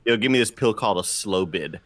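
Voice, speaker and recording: Male co-host, low and bright-toned, animated and profane. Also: fast talker. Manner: animated storyteller, swears freely. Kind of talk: casual podcast chat.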